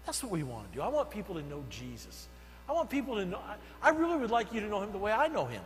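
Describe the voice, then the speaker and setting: Older pastor guy preaching, highish voice, goes quiet then loud, echoey church w a bit of hum. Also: wildly swooping pitch, quick pace, soft background music. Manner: storytelling, swings from soft asides to loud emphatic bursts. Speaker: senior pastor. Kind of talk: sermon. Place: church sanctuary.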